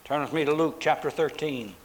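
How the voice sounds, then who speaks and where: A man preaching a sermon, stressing words with drawn-out pauses and dramatic emphasis. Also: on the high side, low-quality recording. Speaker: pastor.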